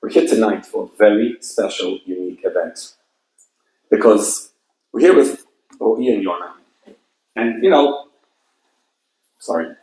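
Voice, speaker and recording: A man's voice: mid-range voice, darkish tone, reverberant, poor audio. A man, a rabbi, preaching a sermon with passionate, emphatic storytelling at an evening event. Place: event hall with audience.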